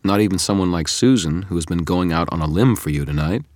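A man voicing a calm, knowing male double of the hero, probing and wry, in an audiobook. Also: deep voice, quick pace, no room sound, natural voice. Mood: coaxing. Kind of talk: audiobook character reading.

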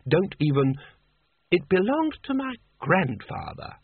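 Male reader as a jumpy, grumbling coward wizard, husky and tinny. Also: high voice, huge pitch swings, measured pace, dry recording, voice pushed up, heavily acted. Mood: fretful. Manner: urgent, complaining. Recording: tinny narrow-band, dry.

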